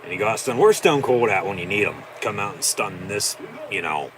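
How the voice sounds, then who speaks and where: A man's voice: fairly low pitch, lively intonation, normal speed, crowd noise. Profane, exasperated man reacting live. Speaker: watch-along host.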